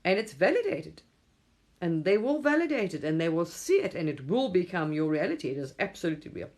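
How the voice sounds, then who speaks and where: With a fairly low pitch, big swings in intonation and a slightly fast, mellow delivery, a middle-aged Englishwoman runs a casual late-night phone livestream. She wanders from topic to topic, laughs frequently and imitates the voices of people she quotes.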